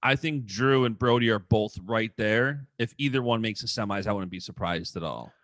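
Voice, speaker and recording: A man co-hosting a podcast, chatting casually and animatedly with frequent restarts. His voice is bright and forward. The sound is dry and close, with little room around it. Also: lowish voice, no echo. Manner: quick, animated, full of "like" and restarts. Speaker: podcast co-host. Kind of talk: casual chat about wrestling.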